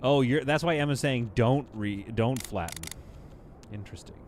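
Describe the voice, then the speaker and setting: A man streams gameplay live, his medium-pitched voice at a normal speed against slight background noise. As he builds, he talks casually both to chat and to the game, adding playful asides.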